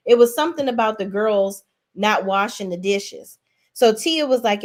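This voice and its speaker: A woman's voice: mid-range voice, normal speed. Sassy, blunt woman recapping reality TV. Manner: animated and emphatic. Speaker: reality TV reviewer. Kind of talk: casual recap commentary.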